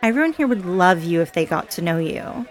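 A woman's voice: lowish voice, expressive, a little fast, natural voice. A woman playing a chatty, giggly party girl. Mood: teasing. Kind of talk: scripted audio role-play.

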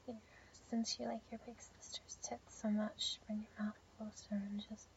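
A young woman in a whispered role-play, speaking in a soft, teasing whisper with breathy murmurs. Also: medium pitch, flat delivery, measured pace. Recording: dull lo-fi audio with faint background hiss.

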